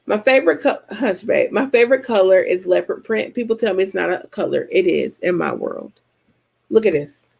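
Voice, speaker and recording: Southern woman vlogger, mid-pitched with some vocal fry, animated and colloquial, chatting casually to camera. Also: normal speed. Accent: Southern American. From Georgia, US. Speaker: vlogger host answering subscriber comments. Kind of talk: casual chat.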